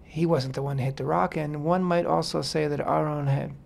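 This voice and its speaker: A man co-hosting a Torah discussion on talk radio, speaking in a measured, hesitant way with frequent fillers. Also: on the high side, fairly even intonation, creaky, a little mellow, slight background noise. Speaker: radio co-host.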